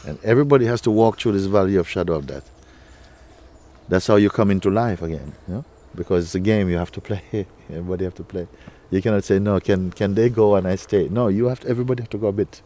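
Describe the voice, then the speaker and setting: A man with a low voice leads a spiritual talk for a gathering. His tone is dark and mellow. He speaks slowly and coaxingly, with soft chuckles and frequent checks of "you see?". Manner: unhurried, coaxing, often asks "you see?". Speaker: spiritual teacher.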